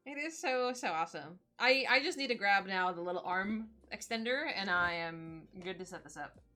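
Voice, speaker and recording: A woman in her thirties, a streamer chatting casually on a live stream and opening gifts in a bubbly, excitable way. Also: mid-range voice, moderate pace, hardly any pauses. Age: 30s.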